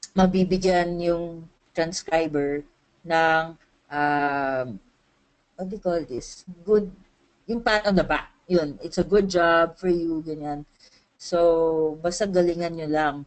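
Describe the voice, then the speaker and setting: A young woman with a Filipino accent speaks in a slightly low voice. She talks casually and chattily, with frequent fillers and easy laughter, as she shares tips from her freelance work in a webinar. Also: a little mellow, poor audio. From Philippines. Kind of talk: casual talk mixing Tagalog and English.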